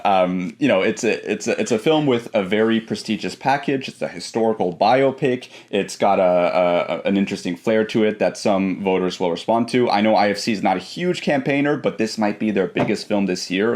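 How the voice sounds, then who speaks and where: Man with a lowish voice talking film rankings. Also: darkish tone. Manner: analytical, lays out rankings step by step. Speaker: guest film expert. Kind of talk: casual podcast discussion.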